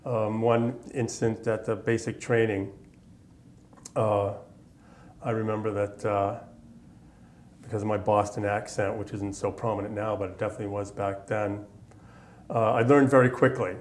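A man's voice: fairly low pitch, level tone, normal speed, long pauses, slight background noise. A man in his fifties from Massachusetts, telling his army memories in an oral history interview, rambling along with many fillers. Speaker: veteran interviewee.

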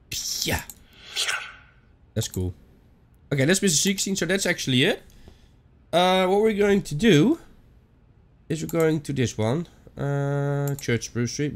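A man giving chatty let's-play commentary on a ghost hunting game, thinking out loud with some non-native phrasing. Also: medium pitch. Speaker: gaming YouTuber.

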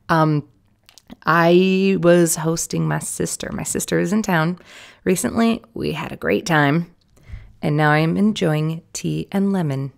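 Slightly hoarse, low, gravelly young woman. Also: measured pace. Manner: playful, rambling, jokey asides. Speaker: art vlogger. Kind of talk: casual commentary while drawing.

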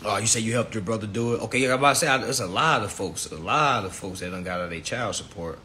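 A man's voice: fairly low pitch, quick pace, pushed and bright, slight background noise. A man hosting a live stream, ranting bluntly and profanely, then coaching viewers step by step.

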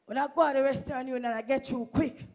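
A woman's voice: high voice, fairly even intonation, fast talker, a little mellow. A woman with a Jamaican accent gives a fervent testimony to a church congregation, exhorting the listeners and slipping into Patois. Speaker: church member giving testimony. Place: church sanctuary.

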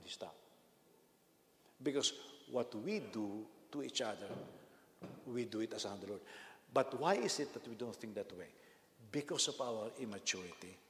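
A man preaches a sermon in a big reverberant church hall, his voice carrying a long ringing tail. He tells anecdotes animatedly, often restarting and repeating words as he builds his point. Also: mid-range voice. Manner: animated storytelling, frequent repetitions and restarts. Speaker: senior pastor.

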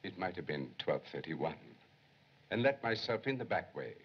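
A deferential husky servant. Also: male voice, deep voice, big pitch swings, moderate pace, heavily acted. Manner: careful, dutiful recounting. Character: anxious, deferential male household servant. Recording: dull lo-fi 1930s film soundtrack.

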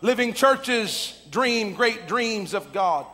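A man with a very high, bright voice tells a story from the pulpit. His sermon rises to shouts, and he peppers it with "uh." The long reverb of a church sanctuary trails after every phrase. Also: slow pace. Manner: animated storyteller who builds to shouting, with many "uh" fillers. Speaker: pastor.

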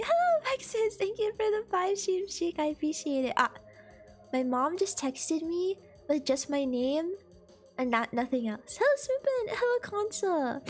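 A woman with a stuffy, congested nose, chatting casually and playfully with her live-stream audience, giggling and teasing. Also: very high voice. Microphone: desk microphone.

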